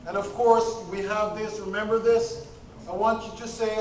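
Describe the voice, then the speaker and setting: A man's voice: high voice, flat delivery, normal speed, crowd noise. A man giving a health lecture with a faith angle, emphatic, repeating key points and checking that the audience follows. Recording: echoey hall from far off.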